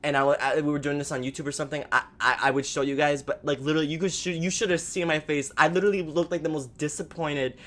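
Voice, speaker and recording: A podcast co-host chatting casually, an excitable storyteller who rambles with lots of fillers and gasps. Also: mid-range voice, quick pace, few pauses. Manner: excitable storyteller, gasping and acting out reactions.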